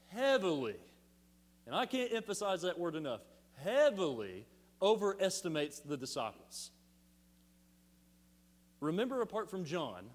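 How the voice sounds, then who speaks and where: A male pastor delivers a sermon to his congregation in a fairly high voice. He's animated and emphatic, often pausing to put rhetorical questions to the room, and his words ring out with long reverb through a large sanctuary.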